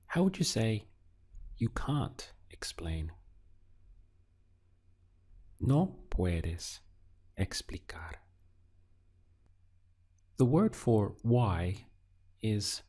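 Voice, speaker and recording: A man teaching a recorded language lesson, asking slow, deliberate questions and pausing for the learner to answer. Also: lowish voice, warm tone, breathy edge. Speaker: Spanish teacher.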